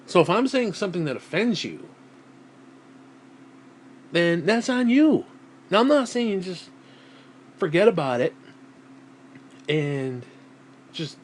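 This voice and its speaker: A man ranting to camera in a vlog, blunt and heavy on swearing, sighing and clearing his throat between thoughts. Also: on the high side, slight background noise. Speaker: vlogger. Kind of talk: profane personal rant to camera.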